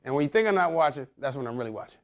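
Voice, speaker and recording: A man's voice: medium pitch, expressive, very fast. A man giving a motivational talk, quizzing his young audience in casual slang. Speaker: motivational speaker.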